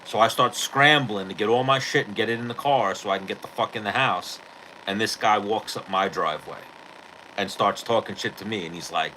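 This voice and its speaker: Male podcast host, tense forceful low voice, casual profane storyteller, faint noise behind. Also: fairly quick, low-quality recording. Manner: rambling, profane, heavy on "like".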